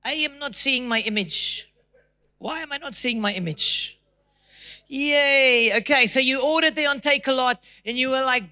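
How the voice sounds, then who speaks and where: High-voiced male preacher. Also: moderate pace, sharp tone. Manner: emphatic preaching, acts out prayers in a raised, pleading voice. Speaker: pastor. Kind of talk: sermon. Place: church auditorium.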